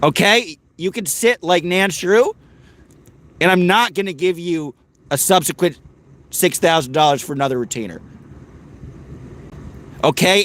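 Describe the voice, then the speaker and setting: A man's voice: on the high side, a bit bright. A man rambling to his live-stream chat while driving, sarcastic and joking. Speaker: livestreamer. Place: in a car, driving.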